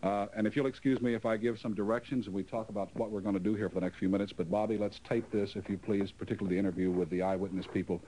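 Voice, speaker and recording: A man's voice: fairly low pitch, steady tone, warm tone, slight background noise, poor audio. A male TV news announcer, out of breath, delivering urgent breaking news live. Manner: hurried, urgent.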